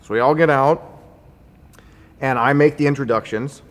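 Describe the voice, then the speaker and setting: A man telling a personal story in a conversational, wry way, getting animated as he recounts it. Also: mid-range voice, normal speed. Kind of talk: personal story told to an audience. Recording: long hall reverb.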